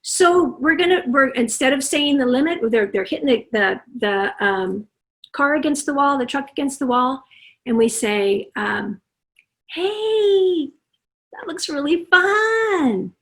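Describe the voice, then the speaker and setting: A middle-aged woman with a high-pitched voice speaks over a video call as a parenting consultant. She talks with animation and slips into the voices of parents and children as she gives her examples. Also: animated, normal speed. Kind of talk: summit talk on parenting.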